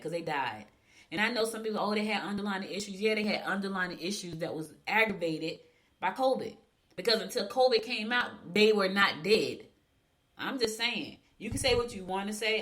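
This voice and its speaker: A woman hosts a casual radio show in a somewhat low voice. She talks in an emphatic, gossipy way, reading out horoscopes and retelling news stories. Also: fairly bright tone. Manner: chatty, emphatic, gossipy storytelling.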